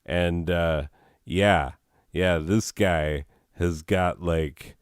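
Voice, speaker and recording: A man's voice: low voice, very slow, clear, resonant tone, no echo, clean studio sound. A man hosting a comedy video, reading absurd entries and riffing on them with sarcastic, rambling asides.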